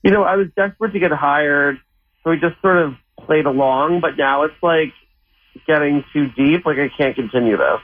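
A man calling in to a radio show who sounds sheepish as he confesses. His slightly high voice comes through a tinny phone line. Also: normal speed. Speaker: caller.

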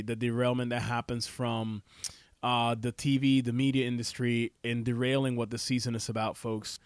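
A man's voice: medium pitch, clear, resonant tone, no room sound, studio quality. A middle-aged man hosting a show, telling a personal family story and giving heartfelt, preachy advice, getting emotional. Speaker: show host. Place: Ohio.

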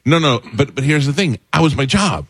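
A middle-aged man, a former sports reporter, telling animated stories in casual chat, his voice jumping up when he gets excited. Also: a little fast, noisy background. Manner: animated, jumps high in pitch when excited.

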